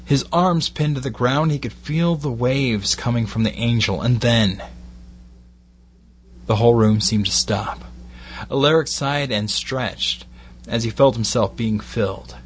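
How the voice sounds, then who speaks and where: A man's voice: mid-range voice, slight background noise. Glaswegian man reading an erotic story. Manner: measured, steady narration with short phrased pauses.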